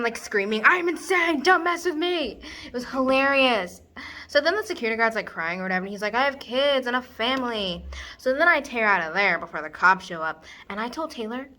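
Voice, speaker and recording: A woman's voice: a little high, pushed and bright. A young woman acting a giddy teenage girl in a stage monologue, bubbly and full of valley-girl fillers. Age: young adult. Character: giddy teen girl obsessed with a pop-star voice. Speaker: student actor.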